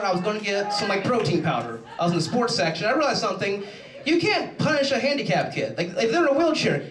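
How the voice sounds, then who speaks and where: A young adult man doing a rambling, animated stand-up comedy set on a stage. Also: high-pitched. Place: show stage in a large room. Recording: echoey room, mic from far off.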